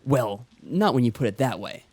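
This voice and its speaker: A man's voice: medium pitch, big pitch swings, darkish tone, husky, no room sound. A man giving casual, jokey commentary while playing a visual novel for a let's play. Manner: jokey asides, quick bursts. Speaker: let's player.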